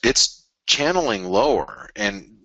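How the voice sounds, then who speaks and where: A man hosting a live forex show, walking through price charts in an animated, restless way, often restarting sentences and arguing with imagined viewers. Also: on the low side, slow, no echo, poor audio. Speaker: forex market show host. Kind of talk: live trading chart analysis.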